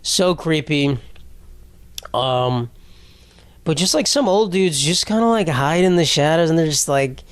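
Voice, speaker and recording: A man's voice: on the high side, lively intonation, unhurried, long pauses, clean tone, no echo. A young man in his twenties hosting a podcast, delivering a rambling, profane comedic monologue. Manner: rambling and profane, with frequent restarts. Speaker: podcast host.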